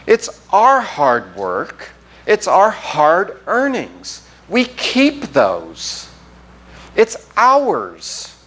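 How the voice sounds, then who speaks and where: Extremely slow and high-pitched, a man preaches a sermon as pastor in a church sanctuary. He brings a personal story to life through animated storytelling, acting out the dialogue.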